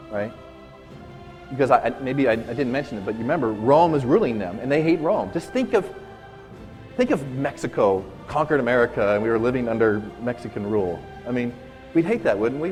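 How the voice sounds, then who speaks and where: A man's voice: mid-range voice, darkish tone. A man preaching a casual, conversational sermon, retelling a story and often checking in with "right?". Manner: casual, chatty, keeps asking "right?".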